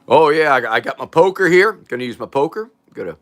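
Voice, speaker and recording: An older man hosting a casual livestream, rambling and chuckling as he reads out viewer comments, his voice drifting from loud to quiet. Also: a little high, expressive, a little fast. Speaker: livestream host.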